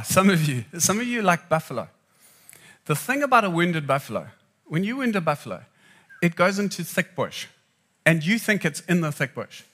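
Bright high-voiced man. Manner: joking, animated storytelling. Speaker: speaker. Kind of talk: humorous live talk on marriage.

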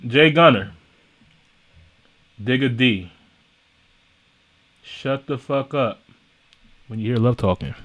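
A man hosts a laid-back music reaction, swearing freely and hyping up each track. His voice sits at an ordinary middle pitch. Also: slow, pauses often. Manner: excited, profane hype talk. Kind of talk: casual reaction chat.

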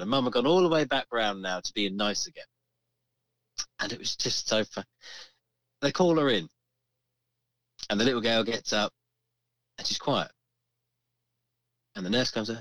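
A man co-hosting a podcast, telling a story in a casual, animated way and acting out the voices of the people in it. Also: medium pitch, fairly quick, long pauses, no room sound, poor audio. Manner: animated, swearing, acts out the voices in his story. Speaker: podcast co-host.

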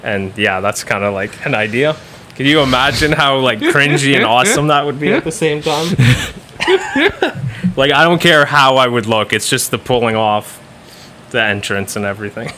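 Man, podcast guest, bright tone, rambling casual chat. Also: mid-range voice, expressive, normal speed, slight background noise. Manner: rambling, keeps saying "you know what I mean".

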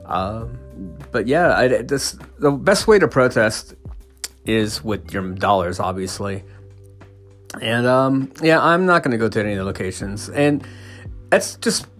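A man's voice: mid-range voice, lively intonation, measured pace, a bit bright, faint music behind. A man ranting casually as a podcast host, swearing and stumbling over restarts and fillers. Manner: profane, stammering restarts and fillers. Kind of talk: casual opinion rant.

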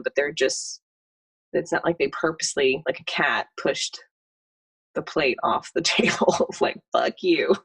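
A woman speaks candidly and at length in a relaxed group chat, circling back on her thoughts as she reflects aloud. Her voice comes from a little away from the mic. The sound is dry, with no room echo. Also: low voice, recorded from a distance. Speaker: parent in a discussion. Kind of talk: casual group conversation.

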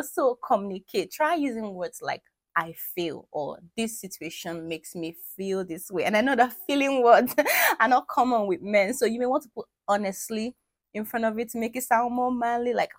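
A woman hosting an advice talk who teases gently, repeats phrases for emphasis and laughs at her own jokes. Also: lowish voice, no echo. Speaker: podcast host giving marriage advice. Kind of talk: conversational faith-based advice talk.

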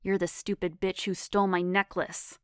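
A woman's voice: fairly low pitch, flat delivery, normal speed, clear, resonant tone, no room sound, studio quality, natural voice. A woman doing a threatening gangster man. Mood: menacing. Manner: threatening, sneering. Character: menacing adult male gangster.

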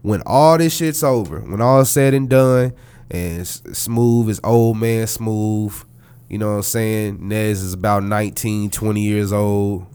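A podcast co-host with a lowish, slightly mellow voice that's clear and resonant helps run an interview. He asks questions and riffs with jokes in casual slang, hyped and quick to play off others.

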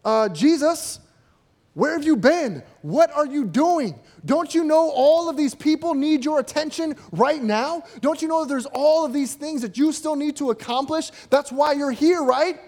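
A man's voice: very high-pitched, measured pace, a little mellow, voice pushed up. A preacher voicing an anxious, exasperated man who pesters his leader with question after question.

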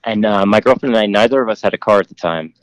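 A man's voice: lowish voice, fast talker, dry recording, low-quality recording. A man in his thirties, a podcast guest telling a long story in a rambling way, with many fillers and lots of swearing. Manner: rambling, filler-heavy, laughs often, profane. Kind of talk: casual storytelling.

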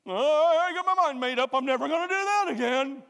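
A man voicing a struggling believer who keeps breaking his resolutions, with a high, strained, exclaiming voice. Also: normal speed. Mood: exasperated. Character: struggling adult believer, exasperated, making resolutions. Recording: long hall reverb.

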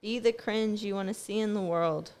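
A woman's voice: mid-range voice, moderate pace, a little mellow, smooth. Rambling, sarcastic young woman. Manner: rambling, laughing, sarcastic, frequent swearing. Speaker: vlogger. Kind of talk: casual rambling monologue.

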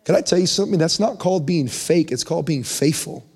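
Man, young adult, pastor, conversational sermon, rising emphasis, slightly high voice, echoing hall. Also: quick pace, a little mellow, breathy edge. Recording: long hall reverb.

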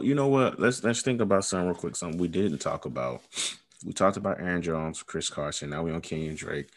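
A man co-hosting a casual podcast chat, easygoing and a bit hesitant, with many fillers. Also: sits low. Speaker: podcast co-host. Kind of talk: casual fantasy football chat.

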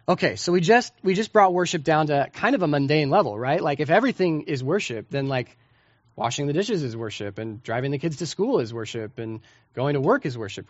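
A man's voice: on the high side, no echo, highs cut off. A young man preaching a sermon as a pastor, talking to the congregation in a casual, conversational way with lots of asides and checking questions.

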